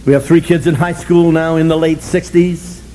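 Animated older man telling stories. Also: normal speed, slight background noise, low-quality recording. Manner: animated, self-mocking, emphatic, swings from loud bursts to low asides. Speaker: speaker sharing his story at a recovery meeting. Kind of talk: humorous storytelling talk.

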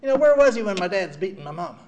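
An older man speaking at a recovery meeting, giving an animated, self-mocking personal testimony full of "you know.". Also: high-pitched, racing, a little hiss or hum.

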